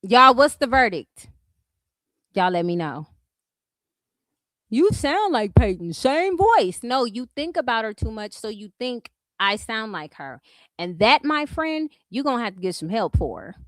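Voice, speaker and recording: A woman's voice: a little high, sing-song, normal speed, pushed and bright, dry recording. A woman from California with a Californian accent, ranting bluntly and profanely to her viewers in casual commentary. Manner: blunt, profane and sassy, addressing viewers as "y'all". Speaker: commentary streamer.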